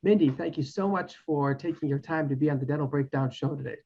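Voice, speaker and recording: A man's voice: fairly high pitch, quick pace, creaky, dark tone, breathy edge. A man hosting a podcast interview, friendly and laughing often, with hesitant fillers. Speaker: podcast host. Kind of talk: casual interview chat. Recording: dull lo-fi audio.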